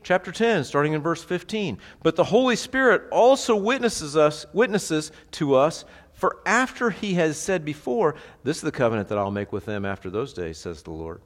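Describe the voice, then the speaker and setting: A pastor teaching a sermon in a conversational, animated way, asking the congregation rhetorical questions. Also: male voice, on the high side, normal speed, few pauses, long reverb tail.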